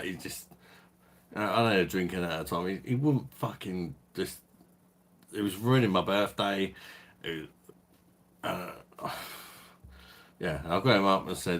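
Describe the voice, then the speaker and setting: Low-voiced sweary man. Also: normal speed. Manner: sweary, rambling, chuckles often. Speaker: beer review livestream host. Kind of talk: casual livestream storytelling.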